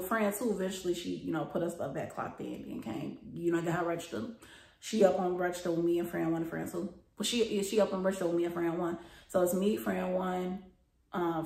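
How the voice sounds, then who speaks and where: A woman's voice: lowish voice, vocal fry, a little mellow. A young adult woman telling a casual storytime to her viewers, chatty, gossipy and freely profane. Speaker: storytime vlogger. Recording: roomy echo.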